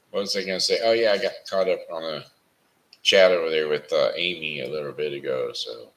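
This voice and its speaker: Male live-stream host: deep gravelly voice, easygoing rambling chat, sounds tired. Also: a bit bright, poor audio. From St. Charles, Missouri. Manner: rambling, chatty, sings a birthday song. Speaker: host of a live home broadcast. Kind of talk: casual live chat, birthday shout-outs.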